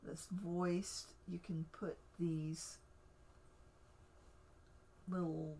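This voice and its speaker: A woman talks very slowly through a casual livestream tutorial, often pausing and restarting her sentences. Her voice sits a little low for a woman. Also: fairly even intonation, darkish tone, poor audio. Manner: hesitant, many fillers and restarts. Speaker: livestream host teaching language creation.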